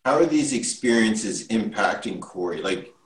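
A man's voice: lowish voice, lively intonation, moderate pace. A man interviewing a guest, asking thoughtful, reflective questions. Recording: roomy echo.

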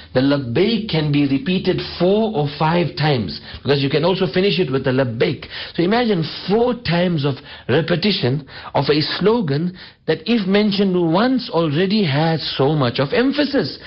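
A man giving a sermon, chanting Arabic phrases slowly between quicker explanations. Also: fairly high pitch, slightly rough. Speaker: preacher. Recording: slightly dull lo-fi audio.

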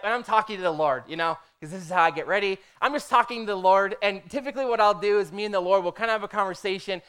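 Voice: medium pitch, smooth. A pastor preaching a sermon, telling a personal story in a chatty way, often tossing in "okay?" and "right?" and acting out their own prayers. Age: adult, formerly a motivational speaker. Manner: conversational, punctuates with "okay?" and "right?"; lively storytelling, acts out own quoted prayers.

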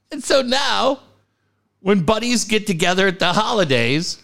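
A man from Cardiff spins a story in casual chat. His voice sits high and jumps all over the place, and he swears freely, laughs, and acts out the voices in the story. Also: big pitch swings, takes it slowly, vocal fry, fairly bright tone.

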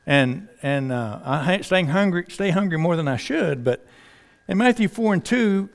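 A man's voice: high voice, sing-song, normal speed. A man preaching a sermon in a conversational, folksy way, asking the congregation rhetorical questions.

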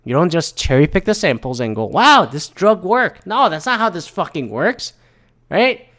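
Man with a slightly higher voice; loose, profane, rambling rant delivery. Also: sing-song, normal speed, fairly bright tone. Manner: mimics others in quoted asides. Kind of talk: casual rant on current events.

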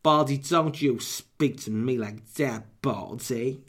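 A bossy, mouthy mafia wife as a man puts her on, drawling her orders slowly and nagging without letup. Comic podcast impression, rough and crude. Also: mid-range voice, a bit bright.

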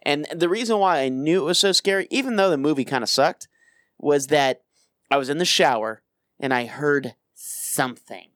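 A man with a slightly high voice tells stories on a podcast, swearing casually and acting out his own reactions. The recording is dry and close. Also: moderate pace, fairly bright tone, dry recording. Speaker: podcast co-host. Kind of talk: casual storytelling banter.

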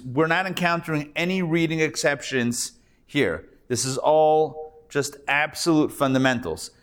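A man's voice: on the high side, clean tone. A male rabbi teaching a live Hebrew reading class, patiently sounding out syllables and repeating them. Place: class recorded live in a room.

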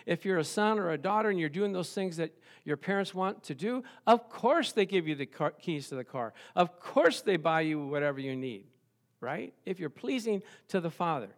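A man's voice: high-pitched, lively intonation, normal speed. A middle-aged man, a pastor, preaching a sermon full of playful stories and acted-out voices.

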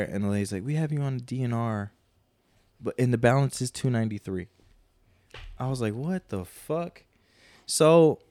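A man's voice: fairly low pitch, darkish tone, no room sound, studio quality. A man co-hosting a podcast, telling a long, profane story in a casual, rambling way and quoting people as he goes. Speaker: podcast co-host.

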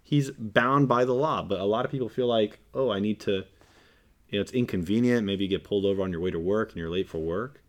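A man's voice: on the low side, a little fast. A man talking as a podcast guest, earnest and preachy, repeating phrases for emphasis and acting out quoted lines. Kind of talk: casual podcast discussion.

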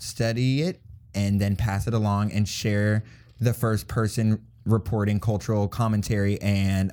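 A young man talking casually on a podcast, with a low, dark, mellow voice. He rambles and restarts, fills gaps with ums, and breaks into laughs often. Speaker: podcast co-host. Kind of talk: casual chat.

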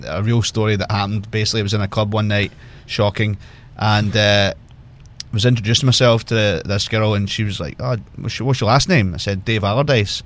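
A man's voice: on the low side, flat delivery, fairly quick, a bit bright. A man telling casual stories as a guest on a podcast, often laughing as he talks. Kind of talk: casual storytelling.

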